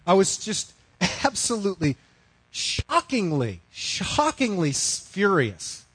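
A middle-aged man preaching a sermon, telling a story with big swings from loud outbursts to hushed, quiet lines. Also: sits high, wildly swooping pitch, slow pace, husky, no room sound, rough recording. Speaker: pastor.

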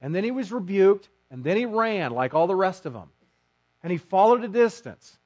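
A male preacher delivers a sermon with a high, bright-sounding pitch that swings widely. He tells the story with drama, swelling loud and dropping soft as he voices the people in it. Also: big pitch swings, normal speed. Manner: dramatic storytelling, acting out quotes.

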